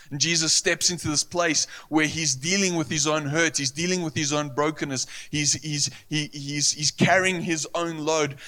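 Delivering a sermon, this pastor has a slightly high voice that sounds bright and forceful. He speaks with earnest emphasis and keeps repeating phrases to drive points home.

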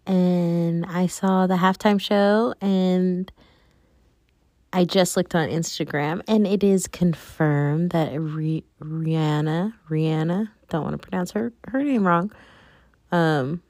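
Chatty woman with a lowish, dry voice. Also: slow pace, darkish tone, dry recording. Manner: rambling, chatty, lots of fillers. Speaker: podcast host. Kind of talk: casual solo chat.

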